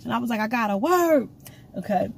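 A woman giving an excitable, rambling prophetic message to her viewers, recorded on her own camera at home. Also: a little high, fairly quick, creaky, slightly rough. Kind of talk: casual prophetic video message. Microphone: camera she sets up herself.

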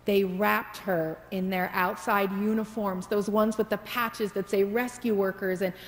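A woman's voice: medium pitch, fairly even intonation, unhurried. A woman pastor telling a story in her sermon and leading into prayer, heard in a reverberant church sanctuary. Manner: storytelling preacher, builds to prayer.

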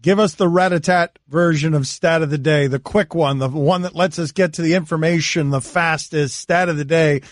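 Chatty sports radio host, laughing. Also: male voice, fairly high pitch, fairly even intonation, no room sound, studio quality. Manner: quick-witted, laughs easily. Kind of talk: casual sports talk.

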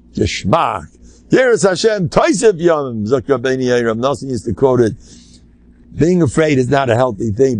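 An older man, a rabbi, giving an animated, rambling Torah lecture full of Yiddish and Hebrew terms. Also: on the high side, dry recording.

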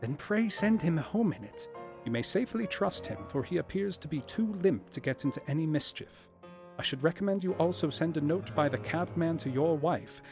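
A man voicing a masterful detective who speaks in a crisp, confident, commanding way, over faint background music. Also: on the high side, pitched above the performer's own voice. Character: brisk, masterful male detective in disguise.

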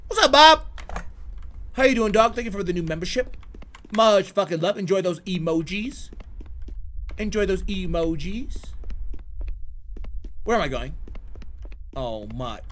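A man streaming a horror game live, excitable and profane, chatting with his viewers in slang and breaking into shouts. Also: high-pitched, unhurried, long pauses. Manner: slangy banter with chat. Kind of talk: live horror gameplay commentary.

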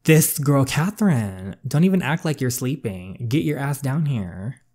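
A man's voice: mid-range voice, animated, a little slow, darkish tone, voice pushed up. A man voicing a harsh mother in a story game, scolding her daughter sternly. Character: harsh angry mother who doesn't believe her daughter. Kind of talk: reading a story game aloud.

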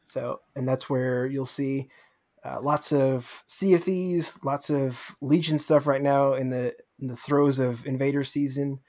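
A man guesting on a podcast, chatting casually, quick to laugh and enthusiastic. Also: mid-range voice, fairly even intonation, a little mellow. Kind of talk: casual chat.

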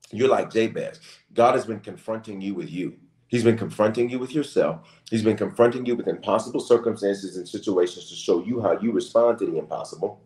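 A bishop preaching with impassioned, rising emphasis in a casual church talk. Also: male voice, lowish voice, mellow, echoey room.

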